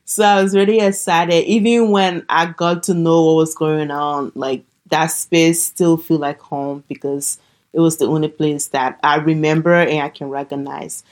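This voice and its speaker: Young woman from Liberia, podcast host; low-pitched, relaxed, loose storytelling with lots of fillers. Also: normal speed. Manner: chatty, with many "like" fillers. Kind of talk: casual personal storytelling.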